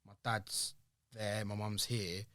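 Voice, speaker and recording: A young man speaks in a somewhat low voice, slangy and animated, and he acts out quoted lines as he tells his story. The sound is dry and close, with no room echo. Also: slow pace. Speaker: podcast guest. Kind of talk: candid personal storytelling.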